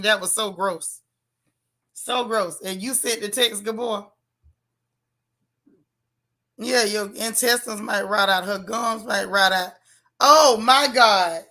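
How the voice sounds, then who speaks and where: A woman's voice: mid-range voice, sharp tone. A woman hosting a casual live chat, blunt and sassy, reading viewer comments aloud. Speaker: livestream host.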